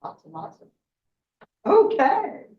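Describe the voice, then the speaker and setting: Her storytelling at the club meeting is chatty: a guest speaker recounting a myth, laughing frequently and checking in with "right?". She has a mid-range voice, lively intonation and a slightly slow pace, recorded dully in an echoey room with the mic far away.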